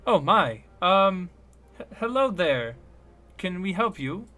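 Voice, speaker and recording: Man voicing a fussy little woman gnome tinkerer, pitched way up, loud and fretful, tabletop game. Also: sing-song, slow, faint music behind, heavily acted. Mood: flustered. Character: fussy red-headed woman gnome scientist.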